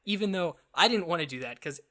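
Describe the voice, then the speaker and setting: Young man, somewhat high voice, bright and forceful tone, casual podcast storytelling, animated, quick asides. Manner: animated, acts out quoted dialogue; restarts and fillers, quick asides. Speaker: podcast co-host.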